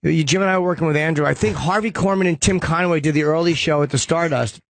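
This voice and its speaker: A man's voice: a little high, fast, creaky. A man, a comedian guest, recalling past gigs in casual chat.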